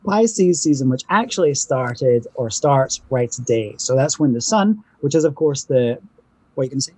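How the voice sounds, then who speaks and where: Relaxed man with a soft husky voice. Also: mid-range voice, normal speed, no echo. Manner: chatty, laughs often, swears casually. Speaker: podcast guest. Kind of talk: casual chat.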